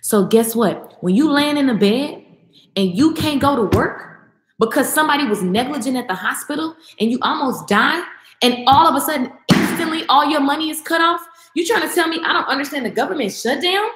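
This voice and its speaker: A woman's voice: high-pitched, expressive, fairly quick, fairly bright tone, roomy sound. A woman vlogger giving a passionate, emphatic motivational talk straight to her viewers, repeating phrases for emphasis.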